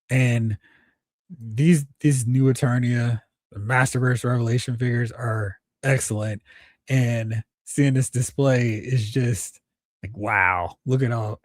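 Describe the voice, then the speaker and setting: Guy hosting a toy stream, chatty and excited, talks to chat, mid voice, dry close mic. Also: medium pitch, no echo. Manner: enthusiastic, rambling, talks to chat viewers. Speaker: toy collecting show host. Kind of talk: casual livestream chat.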